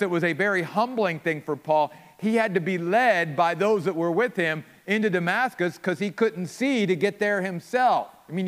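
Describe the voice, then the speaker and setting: A man's voice: high voice, big-room sound. A man preaching an earnest sermon, piling up repeated phrases for emphasis. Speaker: pastor.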